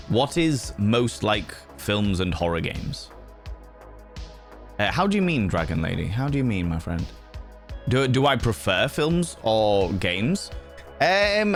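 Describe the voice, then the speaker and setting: A man with a fairly low voice hosts a livestream and reads out viewer messages. He talks in a playful, effusive way and swears now and then, with sudden jumps in pitch. Faint music plays behind him. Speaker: livestream host. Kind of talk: casual chat reading viewer messages.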